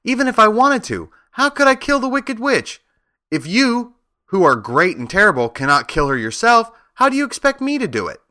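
A man's voice: medium pitch, lively intonation, normal speed, sharp tone. A man voicing a small, meek young girl who pleads earnestly and breaks into tearful cries. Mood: sobbing.

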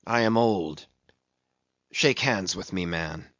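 A man puts on a grim, obsessed old sea captain with a voice pushed well below his own. The speech is slow and heavy, every phrase drawn out, and the recording sounds dull and a little lo-fi. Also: sits low, a bit bright, no room sound, voice pushed down, full character voice. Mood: solemn. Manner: brooding, solemn, drawn-out delivery.

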